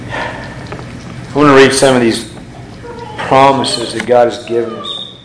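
A man preaching a sermon as pastor, reading scripture slowly and building to emphatic appeals. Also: medium pitch, fairly even intonation, echoey room, slight background noise, low-quality recording.

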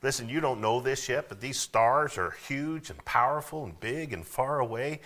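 A man voicing a flattering male serpent tempter who coaxes softly and persuasively, in the middle of a sermon. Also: medium pitch, moderate pace, voice pushed up, natural voice. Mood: coaxing.

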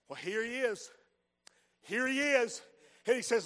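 Male preacher, very high voice, hushed stories breaking into shouting, long hall reverb. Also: expressive, unhurried, pauses often. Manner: swings from hushed storytelling to shouted exhortation. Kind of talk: sermon. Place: church sanctuary.

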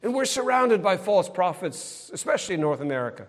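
A man's voice: high voice, very animated, brisk, hardly any pauses. Middle-aged preacher man with sarcastic tag questions. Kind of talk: sermon. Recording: long hall reverb.

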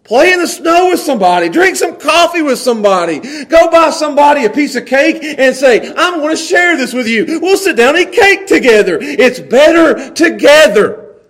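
A man preaching a folksy sermon to a small church congregation, swinging from hushed earnest passages to loud, excited storytelling. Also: very high voice, fairly quick, hardly any pauses. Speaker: pastor. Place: small church, evening service.

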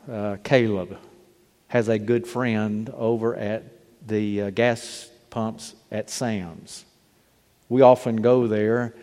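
A man preaching a sermon, slow and deliberate, lifting his voice when he reads scripture. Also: mid-range voice, darkish tone. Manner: slow, deliberate preaching with rising emphasis on quotes. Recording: long hall reverb.

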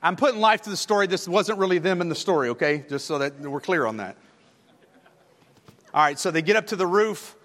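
A man with a high voice delivers a storytelling sermon, full of "uh" fillers and quick restarts. His voice rings out with a long reverb, as in a large church hall. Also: lively intonation, a bit bright. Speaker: preacher.

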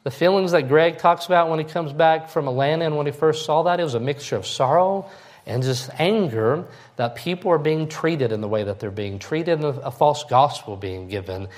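A pastor with a somewhat high voice preaches a sermon at a moderate pace. His style is folksy and conversational, and he keeps checking in with listeners by asking "all right?"

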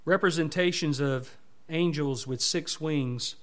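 High-voiced man preaching a sermon. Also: slow. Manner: emphatic preaching, swelling loud on repeated words. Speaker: pastor.

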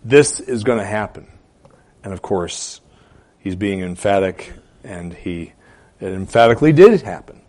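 A man preaching a sermon as pastor, with emphatic stresses, quiet asides and hesitant fillers between phrases. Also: fairly low pitch, animated, measured pace, long pauses.

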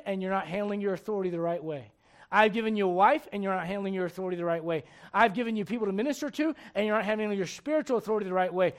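A man puts on the voice of God, hushed and slow with a grave sorrow. The tone sinks low and soft, though his natural voice stays high for a man. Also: lightly acted.

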